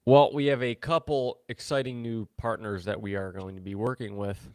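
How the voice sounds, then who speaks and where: A laid-back man chatting on a podcast. He speaks softly with a fairly low voice, and the sound is dry and close. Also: little pitch movement, normal speed, clean tone, no room sound. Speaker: podcast co-host. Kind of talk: casual chat.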